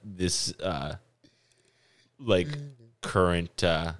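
A man's voice: deep voice, drawn-out words, fairly bright tone. A man hosting a podcast in casual chat, rambling with many fillers and laughing often. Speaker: podcast host.

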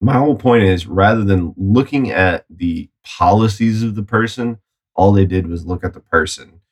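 Man, very low voice, measured podcast co-host who explains at length. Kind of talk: casual political chat.

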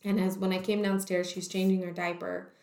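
A woman's voice: mid-range voice, flat delivery, fairly quick, a little mellow. A woman telling her own story in conversation, candidly, with many "like" fillers. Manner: candid, heavy use of "like" fillers. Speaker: guest sharing her story. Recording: echoey room.

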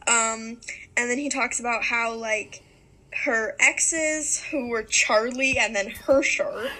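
A woman's voice: a little high, steady tone, slow pace, sharp tone, low-quality recording. A young woman co-hosting a casual book discussion, rambling with lots of "like" and standing her ground. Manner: rambling, many "like"s, insistent. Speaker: podcast co-host.

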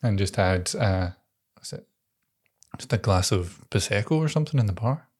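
A young man chats on a podcast in a somewhat low voice. He tells rambling anecdotes and laughs often, sounding relaxed and easygoing. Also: normal speed. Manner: chatty storyteller, laughs often. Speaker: podcast co-host. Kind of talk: casual chat.

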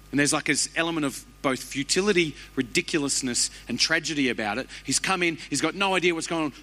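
A man, preaching a sermon as a pastor with animated, humorous storytelling. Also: on the high side, quick pace, hardly any pauses.

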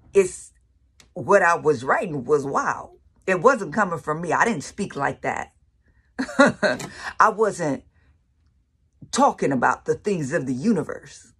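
A woman's voice: low-pitched, vocal fry, a bit bright, slightly rough. A woman preaching her personal faith testimony in a casual, colloquial way, emphatic and repeating phrases for effect. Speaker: faith speaker sharing testimony.

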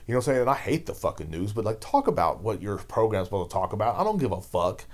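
A man's voice: fairly low pitch, big pitch swings, fast. A man hosting his own podcast, ranting on his own in a rambling, fired-up way, swearing constantly. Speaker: podcast host. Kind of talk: casual solo rant.

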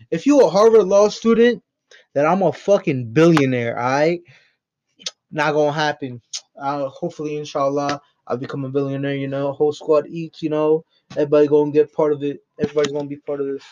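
A man's voice: a little high, dark tone. A man hosting his first podcast, talking loosely and off the cuff, rambling with lots of swearing and jokes. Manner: rambling, profane and joking. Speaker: podcast host. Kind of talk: unscripted solo podcast chat. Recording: dull lo-fi recording.

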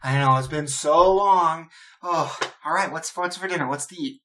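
A man voicing a lonely young woman from an island who gushes with excitement in a tabletop game. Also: fairly high pitch, a little fast, background noise, lightly acted. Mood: giddy. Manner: gushing, breathless excitement.

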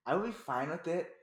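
A young man trades crude jokes on a casual podcast. His pitch swings widely while he talks. The room around him has a roomy echo. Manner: crude joking, lively swings.

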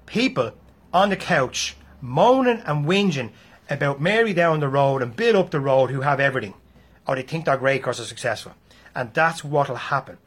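A man with an Irish accent delivers a motivational monologue in a husky voice. He talks bluntly and profanely and hectors his listeners. His voice sits a little higher than most men's. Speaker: motivational speaker.

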